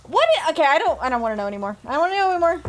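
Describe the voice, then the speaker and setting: High, lively woman streaming a game. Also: racing. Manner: playful, chats with viewers while reading game text aloud. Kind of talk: live game stream chat. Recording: faint music behind.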